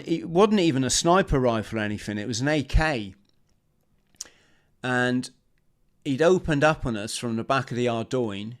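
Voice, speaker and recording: A man, a former marine guest on a podcast, telling a lively story and acting out the shouts, talking over a video call. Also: medium pitch, clear, resonant tone. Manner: animated storyteller, acts out shouted quotes. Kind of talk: storytelling interview.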